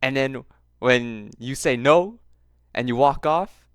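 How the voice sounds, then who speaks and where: Mocking man with a smooth, dry voice. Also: mid-range voice, slow pace, no echo. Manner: mocking, laughs often, repeats phrases for effect. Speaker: commentary host. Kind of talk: reaction commentary.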